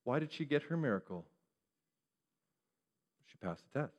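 A man preaching a sermon who keeps asking the listeners questions and moves between hushed and raised delivery. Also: mid-range voice, sing-song, normal speed, highs cut off. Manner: asks the listeners rhetorical questions.

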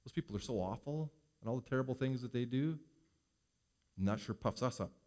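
A pastor delivers a sermon in a mid-range voice at a brisk pace, his delivery swinging between loud emphasis and hushed asides.

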